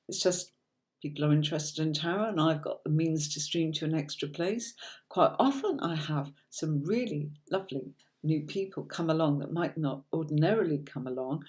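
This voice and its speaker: A woman's voice: sits low, a little mellow. A woman with a British accent chatting on a live stream, talking to viewers with lots of ums and restarts. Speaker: tarot teacher streaming live.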